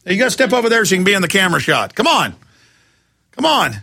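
A man hosting a live talk radio show, loud and hyped, shouting during a fundraising pitch. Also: big pitch swings, fast, vocal fry.

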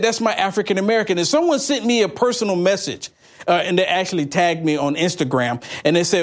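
A man hosting a political talk show, animated and stumbling over words as he talks. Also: high-pitched. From California. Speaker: host.

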